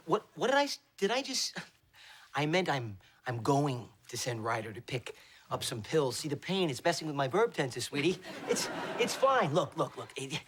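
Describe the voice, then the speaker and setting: A man's voice: on the high side, fairly bright tone, slight background noise. An actor playing a flustered, stammering man in a sitcom, joking through his pain. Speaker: sitcom character, fiancé in pain. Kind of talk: sitcom acting.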